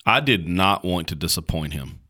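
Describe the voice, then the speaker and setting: Deep-voiced man telling stories. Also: moderate pace. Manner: storytelling, folksy and animated, with many fillers and restarts. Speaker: pastor. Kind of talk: casual podcast conversation.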